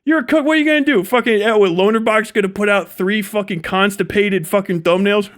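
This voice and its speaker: High-voiced man ranting profanely on stream. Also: normal speed, a bit bright. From Ohio, USA. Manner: swears constantly, laughs at his own jokes. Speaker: livestreamer. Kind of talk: profane live-stream rant.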